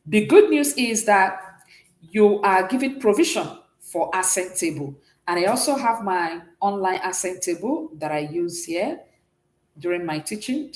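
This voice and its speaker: A woman's voice: fairly low pitch, roomy sound, low-quality recording. A woman teaching a beginners' French class, who patiently explains, repeats and checks that students follow. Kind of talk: classroom language lesson.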